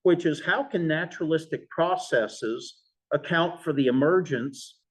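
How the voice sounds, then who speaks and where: Slow, halting man teaching a class. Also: a little high, slightly rough. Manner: halting, with many fillers and restarts. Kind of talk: classroom lecture. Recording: voice from far off in a room.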